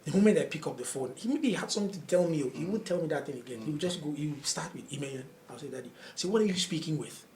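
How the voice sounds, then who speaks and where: A young man from Nigeria tells stories in casual podcast chat, with a fairly high voice. He acts out what people said in different voices and keeps breaking into laughter. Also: fast talker, hardly any pauses, a little hiss or hum. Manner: animated, acts out quotes, laughs often. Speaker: podcast guest, comedian.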